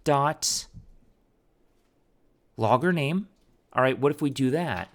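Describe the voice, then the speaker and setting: A man teaches a programming tutorial over a screen recording, talking casually and thinking aloud with fillers and restarts. His voice is medium in pitch and slow.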